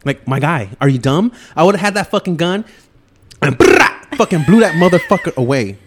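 A man hosting a podcast, ranting loudly and swearing nonstop as he reviews a movie. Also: a little high, very animated, slight background noise. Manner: loud, swearing, rapid ranting. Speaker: podcast host. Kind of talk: profane movie-review rant.

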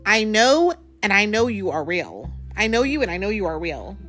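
A small young knight from a storybook, determined and brave, as a woman reads the part. The voice rises high and swings widely. The knight speaks with firm resolve. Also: very animated, normal speed, fairly bright tone, soft background music. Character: small young knight, a determined child who refuses to be a princess.

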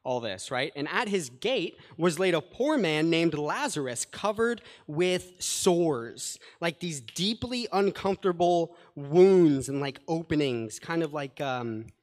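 A man's voice: a little high, expressive, takes it slowly, few pauses. A man preaching a sermon, earnest and conversational, adding plain paraphrases and asides to the scripture he reads. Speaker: pastor. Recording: long hall reverb.

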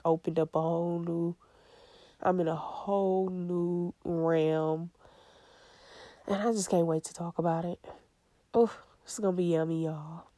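A woman's voice: lowish voice, warm tone, no echo. A young woman hosting her own podcast in casual solo chat, rambling and chatty, laughing often and dropping into whispers. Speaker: podcast host.

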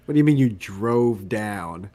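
A man's voice: on the low side, expressive, measured pace, mellow. A man hosting a podcast in casual chat, playful and teasing, often laughing. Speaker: podcast host.

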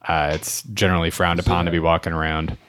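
Deep-voiced man running a tabletop game. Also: fast talker. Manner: relaxed, filler-heavy describing. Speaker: game master.

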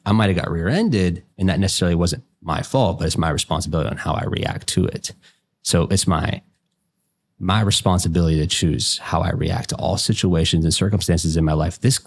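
A very deep, gravelly man with an Appalachian accent, from West Virginia. He talks in a loose, folksy way, full of double negatives and casual swearing, as he coaches and tells stories. The grit in his voice stays under every line. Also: darkish tone. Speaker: life coach and podcast guest. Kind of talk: casual conversation.

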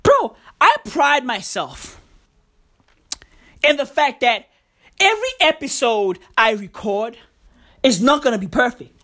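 Lively, slow-talking woman ranting profanely. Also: high voice. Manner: rambling, profane, repeats slang address "bruv". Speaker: podcast host. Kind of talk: freestyle comedic podcast monologue.

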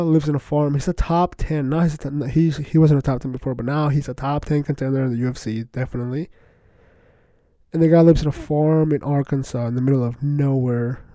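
A young man hosting a podcast, rambling excitedly in casual slangy chatter, full of "bro" and "like". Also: fairly high pitch, dry recording. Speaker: podcast host. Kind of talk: casual solo podcast talk.

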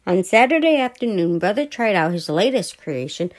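A woman podcast host reading a children's story aloud, softly and with small stumbles she corrects. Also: medium pitch, very animated, moderate pace.

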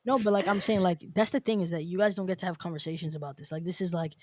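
A woman's voice: fairly low pitch, rapid-fire. A woman hosting a podcast, chatting casually and animatedly, laughing often as she talks. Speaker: podcast host.

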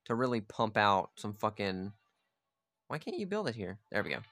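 A gamer with a lowish, slightly bright voice gives casual commentary on a strategy game at normal speed, with big pitch swings and no echo. Chatty and freely profane, he talks aloud and orders his units around as he plays.

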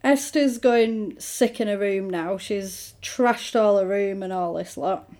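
A woman's voice: mid-range voice, slow. Woman chatting casually, retelling a film plot, puts on voices for the characters. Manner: animated, acts out characters' lines in quoted voices.

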